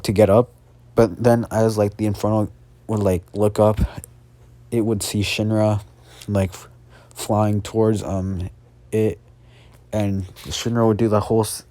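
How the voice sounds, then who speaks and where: Rambling young man with a dark voice. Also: on the low side. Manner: rambling, many fillers and restarts. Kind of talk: casual fan storytelling, improvised.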